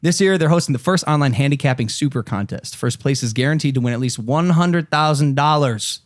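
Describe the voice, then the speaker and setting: A sick podcast co-host with a slightly high voice talks fairly quickly, joking around loosely in casual banter. He also reads an ad in a hyped-up voice.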